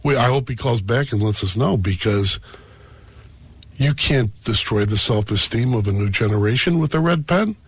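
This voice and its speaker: A man's voice: medium pitch, lively intonation, moderate pace, slightly rough, no room sound. Wisecracking male radio host, dry studio sound. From Greek heritage. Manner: joking, teasing, wry. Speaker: radio talk show host. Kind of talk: casual radio banter.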